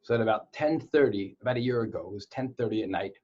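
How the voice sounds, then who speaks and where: A man's voice: fairly low pitch, fast, darkish tone. A man teaching a casual online Torah class to boys, telling jokes and stories in a playful way. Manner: playful joke-telling storyteller. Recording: dull lo-fi sound.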